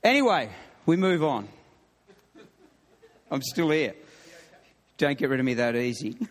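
A man's voice: mid-range voice, big pitch swings, a little slow. A middle-aged man preaching to a congregation, telling a funny story in a chatty way, with frequent laughs and restarts. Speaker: pastor. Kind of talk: sermon with humorous story. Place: church hall. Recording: long hall reverb.

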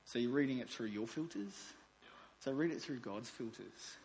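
A man in his forties preaching a sermon, with emphatic declarations and softer asides. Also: medium pitch, animated, normal speed, a little hiss or hum. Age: 40s. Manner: emphatic, swings between loud declarations and soft asides. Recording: long reverb of a large hall.

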